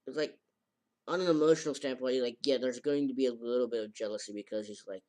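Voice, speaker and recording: A man recaps an episode in a loose, casual way at a middling pitch. He rambles, stops and restarts, and leans on fillers. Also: fast talker, warm tone. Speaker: anime reviewer.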